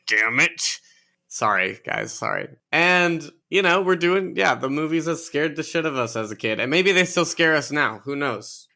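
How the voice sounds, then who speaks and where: A man's voice: a little high, animated, normal speed, gravelly, pushed and bright. A man co-hosting a casual podcast chat, cracking crude jokes, laughing often and swearing freely. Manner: jokey, laughs often, cusses. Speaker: podcast co-host.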